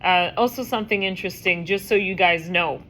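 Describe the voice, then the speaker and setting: A woman teaching a class, telling a story in a lively, chatty way and acting out the voices. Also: lowish voice, fairly quick, slight background noise. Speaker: teacher leading a women's class. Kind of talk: casual storytelling lesson.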